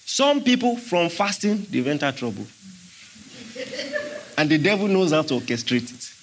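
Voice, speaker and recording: A man's voice: a little high, sing-song, normal speed, slight background noise. A man preaching a sermon, emphatic and questioning his congregation as he teaches. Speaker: pastor.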